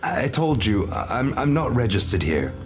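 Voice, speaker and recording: A man voicing a tough gangster in tooth pain, stammering, gruff and impatient. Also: mid-range voice, very animated, moderate pace, voice pushed up, lightly acted. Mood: irritated. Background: music.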